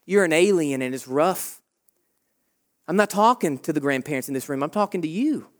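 A youth pastor preaching a sermon in church, emphatic and animated, addressing the teenagers directly. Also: mid-range voice, normal speed.

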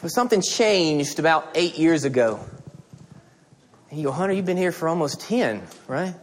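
A middle-aged male pastor delivering a sermon in a high, light voice. He tells stories with energy and acts out the conversations in them. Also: moderate pace. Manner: animated storytelling, acting out dialogue.

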